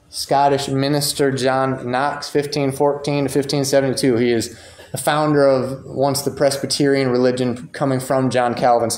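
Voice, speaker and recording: A man's voice: mid-range voice, a little mellow. A man teaching a church Bible class in a conversational way, reading quotations aloud and commenting on them. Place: church meeting room. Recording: roomy echo.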